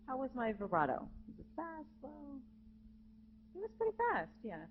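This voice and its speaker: A woman's voice: a little high, big pitch swings, a little fast, highs cut off, faint music behind. A woman teaching a vocal jazz masterclass, chatty and breaking into short sung phrases. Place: conference hall with live student audience.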